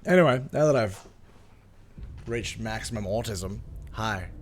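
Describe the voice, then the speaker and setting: A man's voice: fairly low pitch, expressive, measured pace. A man streaming a game live, chatting playfully with viewers in a rambling, sing-songy way. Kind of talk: casual live-stream chat.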